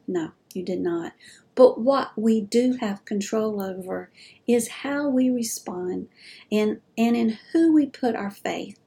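A woman's voice: mid-range voice, warm tone. A woman with a Southern accent hosting a caregiving podcast, talking to listeners in a chatty, folksy way and laughing at herself. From American South. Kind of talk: casual chat to listeners.

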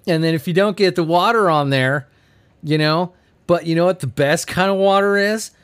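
A man's voice: high voice, normal speed, a bit bright, clean tone. A man hosting a podcast, reading odd news stories in a giddy, sleepy, laughing way and swearing freely. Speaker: podcast host. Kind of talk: casual comedic news commentary.

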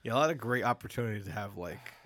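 A man's voice: on the low side, animated, fast, a bit bright. A man co-hosting a podcast in casual chat, riffing on jokes and laughing often. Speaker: podcast co-host.

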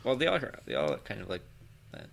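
A man's voice: lowish voice, wildly swooping pitch, fast talker, creaky, a little hiss or hum. A young man co-hosting a podcast, playful and easygoing in casual chat. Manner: laughs often, playful, easygoing. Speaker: podcast co-host.

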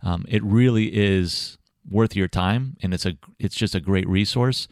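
Male host, low smooth voice, measured and encouraging, dry recording. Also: darkish tone, dry recording. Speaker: podcast host. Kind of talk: interview hosting.

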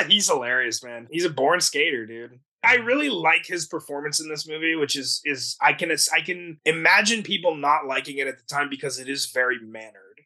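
A man's voice: fairly high pitch, animated, moderate pace, bright, forceful tone. A man chatting about movies on a podcast, enthusiastic, opinionated and casually profane. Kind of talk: casual film chat.

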